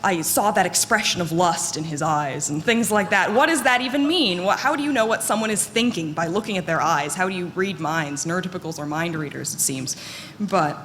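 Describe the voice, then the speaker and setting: A woman giving a live conference talk in a fairly monotone, candid and self-deprecating way, with plenty of fillers. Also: on the low side, fairly quick. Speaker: conference speaker. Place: conference hall. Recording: echoey hall with faint noise.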